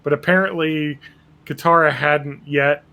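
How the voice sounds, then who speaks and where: A man's voice: on the high side, fairly even intonation, measured pace, sharp tone. A man casually chatting as a podcast host, rambling with crude jokes and acting out quotes. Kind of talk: casual chat recapping a cartoon episode.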